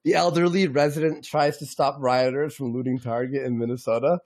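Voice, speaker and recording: A man co-hosting a casual livestream, excitable and slangy, swearing often. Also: mid-range voice, a little fast. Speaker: livestream co-host.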